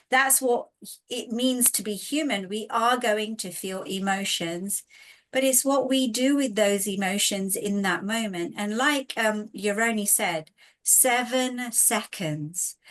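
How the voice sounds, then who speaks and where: A woman speaking as a webinar panelist over a video call, earnest and animated, acting out her own inner voice. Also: on the high side. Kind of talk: reflective webinar talk.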